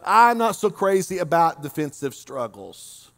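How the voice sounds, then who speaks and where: A man from Oklahoma preaches a sermon as lead pastor, his voice pitched high for a man. He jokes freely and stretches words out for emphasis. He swings from loud bursts to near-murmured asides. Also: gravelly. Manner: animated, joking, swings between loud and quiet, drawn-out emphasis.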